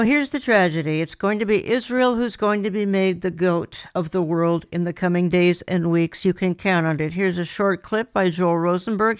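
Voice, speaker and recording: An earnest talk-radio host speaking in a measured way, reading news reports aloud and adding commentary. The voice sits at a middle pitch. It is recorded close on a studio mic in a dry room with no echo. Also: clean tone.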